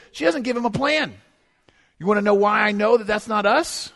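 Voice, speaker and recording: A man, preaching a sermon as pastor, animated and conversational, mixing humor with rhetorical questions to the congregation. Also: high voice, normal speed, creaky, in a large hall. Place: church sanctuary.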